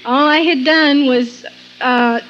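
A woman's voice: high-pitched, fairly even intonation, slow pace, fairly bright tone, lo-fi sound, slight background noise. A woman giving an earnest personal Christian testimony, often laughing between sentences and quoting scripture.

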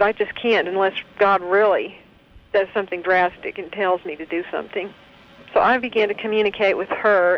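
A woman's voice: mid-range voice, a little hiss or hum. A woman sharing a personal faith testimony in a heartfelt, conversational way, full of small hesitations, over a phone call. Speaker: guest recounting her experience.

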